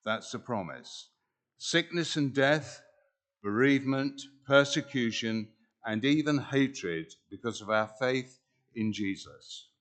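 A man preaching a sermon in an earnest, measured way, pausing deliberately between phrases. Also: medium pitch, lively intonation, fairly bright tone.

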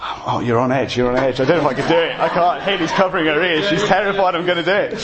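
A man's voice: on the high side, quick pace, few pauses, a crowd in the background. A man preaching an evening sermon, explaining scripture with jokey asides to his congregation.

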